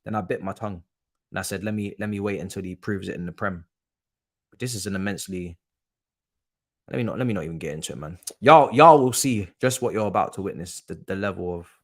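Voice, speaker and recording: A man's voice: sits low, fairly quick, long pauses. Young man, football streamer, casual and sweary, mutters then rants. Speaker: streamer hosting a football watchalong. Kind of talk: casual live-stream chat.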